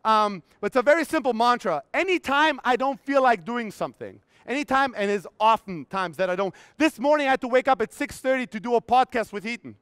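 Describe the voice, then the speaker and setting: A man's voice: very high voice, lively intonation, fairly quick, few pauses, a bit bright, clear, resonant tone, no echo. A man in his thirties giving a blunt, profane motivational talk on a conference stage, acting out his own inner voices, his voice strained. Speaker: keynote speaker.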